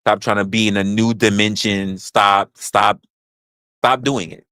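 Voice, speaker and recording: A man's voice: lowish voice, fairly even intonation, a little slow, pushed and bright, no echo. A man hosting a livestream in casual chat, rambling, crude and joking, repeating his phrases into a close mic. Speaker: livestream host.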